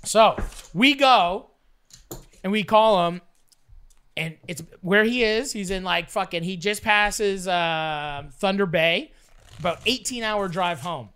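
A young woman from Canada telling a wild story casually, swearing freely and animated. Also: mid-range voice, slow, clean tone.

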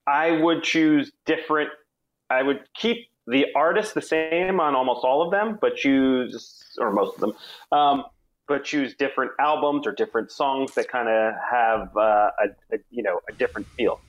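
A man's voice: medium pitch, moderate pace. A man hosting a casual music chat, reading out a ranked list and giving his own picks. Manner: brief acknowledgments, reads a ranked list. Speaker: podcast host. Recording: dull lo-fi sound.

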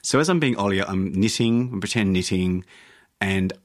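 A man with a very low voice tells stories as an interview guest. He is animated and mocks himself. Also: normal speed. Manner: animated, self-mocking, laughing often. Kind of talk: interview storytelling.

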